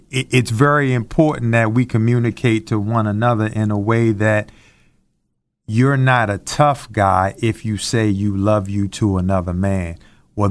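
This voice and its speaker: A man co-hosting a call-in talk show, talking in an earnest, reflective and somewhat preachy way. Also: lowish voice.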